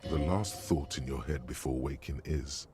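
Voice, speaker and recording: A man narrating a video game in a measured, descriptive, scripted way. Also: a bass voice, a little mellow, slight background noise. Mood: calm. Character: omniscient game narrator, calm, deep.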